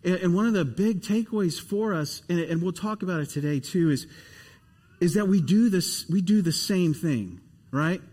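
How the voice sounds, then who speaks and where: A man preaching a sermon, telling a story with animated, emphatic repetition before leading a prayer. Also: high voice, normal speed, husky, in a large hall. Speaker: pastor.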